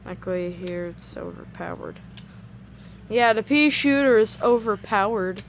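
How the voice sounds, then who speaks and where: An excitable woman chats her way through a game at an unhurried, drawn-out pace. She rambles, trips over her words and repeats herself when things go wrong, then drifts back to easy chatter. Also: mid-range voice, vocal fry, a little hiss or hum. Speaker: gameplay commentator. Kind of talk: casual gameplay commentary.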